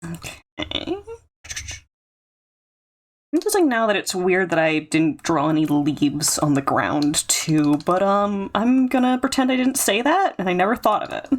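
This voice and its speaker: Woman art streamer, playful and giggly, slow easy delivery. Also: on the low side, expressive. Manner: giggly and playful, mumbles to herself. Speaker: streamer drawing live. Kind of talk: casual chat while drawing.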